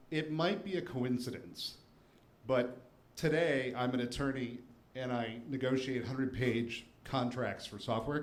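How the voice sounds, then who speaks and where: A man in his forties from the Washington, D.C. area, telling a first-person story on stage with wry, self-deprecating humor. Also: medium pitch. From Washington, D.C. area, USA. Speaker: storyteller and attorney. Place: live show venue before an audience. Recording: roomy live venue with faint ambience.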